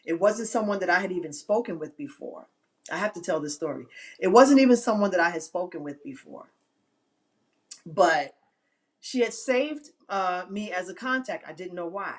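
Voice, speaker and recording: A woman's voice: fairly low pitch, expressive, moderate pace. A woman hosting an inspirational live-stream talk, emphatic and given to repeating phrases for effect.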